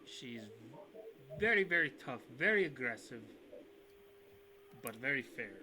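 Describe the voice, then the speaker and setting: A man's voice: mid-range voice, very animated, a little slow, a crowd in the background. A man voicing a big, nimble male mercenary leader in a tabletop game, in a put-on foreign accent with grand, broken phrasing. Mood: earnest.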